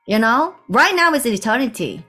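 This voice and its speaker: Soft-spoken woman telling a spiritual story. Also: fairly high pitch, sing-song, normal speed, slightly rough, soft background music. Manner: soft-spoken, meandering, with hushed asides. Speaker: spiritual teacher.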